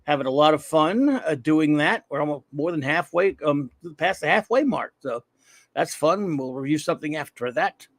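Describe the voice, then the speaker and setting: A man hosts his livestream with loud, energetic shout-outs. His voice sits a little high and has a gravelly edge. The sound is dry and close. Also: moderate pace, no room sound. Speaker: livestream host. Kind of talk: casual livestream chat.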